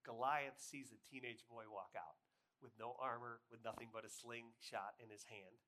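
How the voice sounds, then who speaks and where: A man preaching a sermon, telling a story with lively shifts between loud acted-out lines and quiet appeals. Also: mid-range voice, moderate pace, slight background noise. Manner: animated storytelling, acting out voices, swings from loud to hushed. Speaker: pastor.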